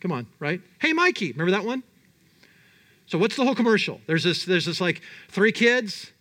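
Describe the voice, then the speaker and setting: A man with a bright, high voice preaches a sermon in a conversational, animated way. He keeps putting questions to his listeners, and his tone stays lively and engaged. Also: normal speed. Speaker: pastor.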